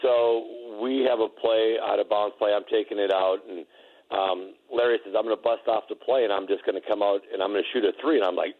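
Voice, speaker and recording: A man recalling a game as a former teammate, halting and repeating words as he talks. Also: lowish voice, fairly even intonation, narrow, tinny audio. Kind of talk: storytelling.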